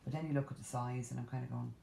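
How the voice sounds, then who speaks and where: Low-voiced ranting Irish woman. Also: rapid-fire, gravelly, background noise. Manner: animated, exasperated ranting with playful asides. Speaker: cross-stitch vlogger. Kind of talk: casual chat to camera. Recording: echoey room.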